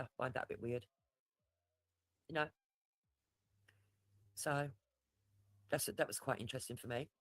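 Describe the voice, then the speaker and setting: A fast-talking man chats on his own livestream, rambling from story to story and swearing without a second thought. His voice sits close and dry, with no room around it. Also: medium pitch, a bit bright, no echo. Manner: rambling, swears freely, laughs at himself. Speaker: livestream host. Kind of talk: casual livestream chat.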